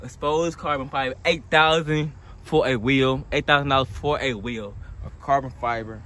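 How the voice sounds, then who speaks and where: A young man with a Southern US accent, chatting loosely and excitedly as he walks viewers around cars outdoors on a hot day, filmed on a handheld phone. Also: mid-range voice, normal speed. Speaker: car vlogger. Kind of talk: casual walkaround car vlog.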